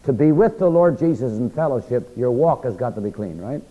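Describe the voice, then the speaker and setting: A man's voice: medium pitch, animated, brisk. A man preaching a sermon in a conversational Bible-teaching style, asking his listeners rhetorical fill-in questions. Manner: conversational, acts out quoted speech. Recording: echoey hall, dull lo-fi sound.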